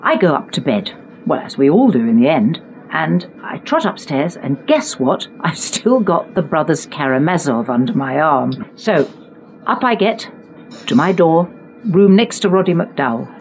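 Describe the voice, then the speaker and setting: A woman's voice: deep voice, lively intonation, moderate pace, a little mellow, slight background noise, low-quality recording. An older woman, telling chatty, self-mocking stories from her acting career in a conversation. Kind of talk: anecdotal storytelling in conversation.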